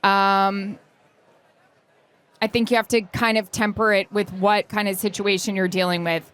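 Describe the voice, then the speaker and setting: A woman co-hosting a live podcast, giving listener advice in an excitable, energetic way. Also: medium pitch, measured pace, clear, resonant tone. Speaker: podcast co-host, sideline reporter. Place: live stage event.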